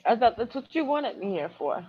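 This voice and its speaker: A woman's voice: a little high, big pitch swings, a little fast, husky, no room sound, muffled recording. A woman chatting as a guest, dry and matter-of-fact. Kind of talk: casual chat.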